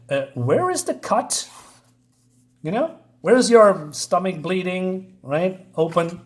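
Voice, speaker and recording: A man's voice: high voice, animated, takes it slowly. A man giving a casual comic book review, hesitant and full of fillers and asides.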